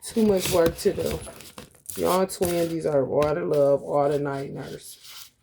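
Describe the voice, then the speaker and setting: A woman's voice: low-pitched, little pitch movement, takes it slowly, creaky, dark tone, slight background noise. A woman giving a casual tarot reading. She talks bluntly and profanely, calls the viewers y'all and honey, and laughs often as she tells stories. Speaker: tarot reader.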